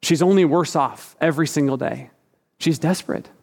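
A man's voice: a little high, normal speed, gravelly, darkish tone. A man preaching a sermon, retelling the story vividly and acting out the quoted lines. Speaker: pastor. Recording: echoey hall.

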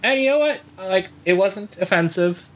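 A man co-hosting a podcast, chatting casually and telling rambling, animated stories. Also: high-pitched, moderate pace. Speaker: podcast co-host. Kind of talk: casual chat.

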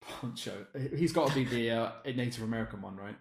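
A man's voice: medium pitch, fairly quick. Rambling, jokey man in echoey room. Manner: rambling, jokey, self-deprecating. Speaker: podcast co-host. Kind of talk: casual chat.

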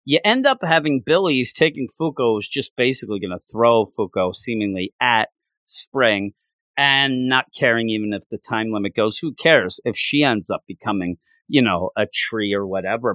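A man chats about a comic with lots of swing in his voice, jumping up and down as he rambles and restarts his sentences. The sound is close and dry, with no room around him. His pitch sits in the middle for a man. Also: normal speed, dry recording. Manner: animated, rambling, many restarts and fillers. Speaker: podcast co-host. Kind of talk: casual chat reviewing manga.

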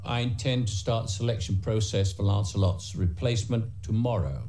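A man's voice: on the low side, dark tone, a little hiss or hum, close to an everyday voice. A man playing a formal older spymaster. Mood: businesslike. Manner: formal, measured speech. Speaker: head of a secret agent organisation. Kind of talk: film dialogue.

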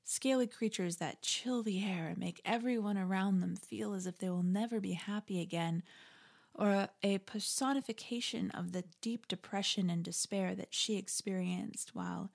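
A woman hosting a reflective faith podcast, talking in a conversational, wry way with animated asides. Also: mid-range voice, normal speed, creaky. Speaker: podcast host. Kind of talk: reflective spoken commentary.

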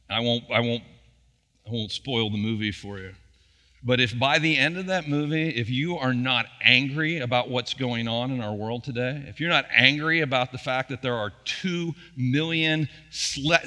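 Middle-aged male pastor, bright tense tone, conversational sermon, long church reverb. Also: mid-range voice. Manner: conversational preaching with rhetorical questions.

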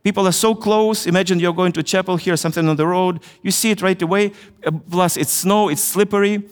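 A middle-aged man from Ukraine with a Ukrainian accent, telling a story in a chapel sermon with earnest pauses and hesitations. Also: high voice, steady tone, clear, resonant tone. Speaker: chapel speaker. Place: university chapel. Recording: long hall reverb.

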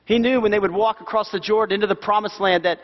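A middle-aged man preaching a sermon in a church, animated and repeating key phrases for emphasis. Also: sits high, fast. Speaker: pastor. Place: church sanctuary. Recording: dull sound with long hall reverb.

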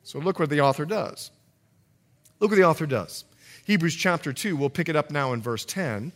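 A man from the Bahamas, a pastor with a Bahamian accent softened by years in the US, preaching an evening sermon and calling out to his congregation. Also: fairly high pitch, normal speed. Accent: Bahamian, softened by long US residence. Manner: animated preaching with call-and-response to the congregation.

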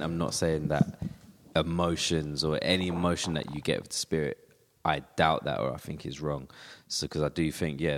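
A man co-hosting a faith podcast who also preaches at church, speaking in a reflective, measured way as he thinks aloud. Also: extremely low pitch, slight background noise. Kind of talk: casual faith conversation. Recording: long reverb.

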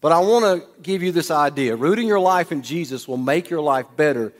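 A man preaching a sermon in a church, swinging between loud bursts and hushed, quiet lines. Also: on the high side, animated, a little fast. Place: church sanctuary. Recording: long hall reverb.

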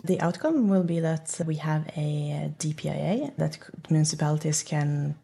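A woman's voice: low voice, normal speed, gravelly, dark tone, breathy edge. A woman with a Norwegian accent, a privacy project lead explaining her work in an interview over a video call, thoughtful, with hesitant restarts. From Norway.

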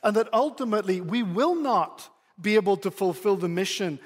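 A man preaching a sermon as pastor, telling a story in an animated way and sometimes repeating words for emphasis. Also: sits high, normal speed, big-room sound.

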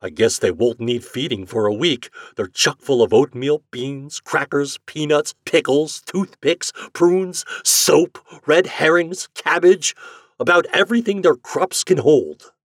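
A man voicing an enraged middle-aged market man who shouts and blusters. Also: a little high, measured pace, dry recording, studio quality, voice pushed up. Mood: exasperated. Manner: loud and blustering.

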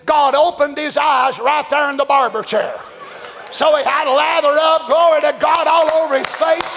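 A man preaching a fervent, shouted revival sermon, chanting repeated praises. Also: very high-pitched, fairly even intonation, normal speed, vocal fry, some chatter behind, a little hiss or hum. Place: church. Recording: long church reverb with congregation.

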